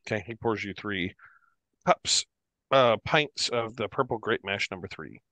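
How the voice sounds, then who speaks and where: Unhurried bright game master man. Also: lowish voice, no room sound. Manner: unhurried, lively narration. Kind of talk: narrating a tabletop game.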